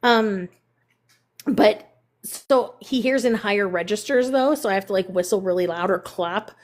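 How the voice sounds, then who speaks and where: A woman hosting a casual live stream, chatting with viewers and cooing at her dogs in a high baby voice. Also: normal speed. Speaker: livestream host.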